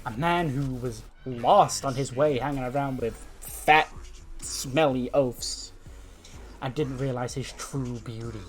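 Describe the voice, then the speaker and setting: A man voicing a brash female wrestler cutting a slow, drawn-out promo. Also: mid-range voice, husky, soft background music. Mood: showy.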